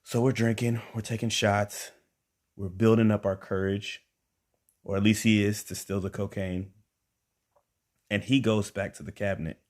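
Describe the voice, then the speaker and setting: Deep-voiced man telling a stand-up story. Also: normal speed, long pauses. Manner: animated, acts out quotes with rising emphasis. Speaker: stand-up comedian.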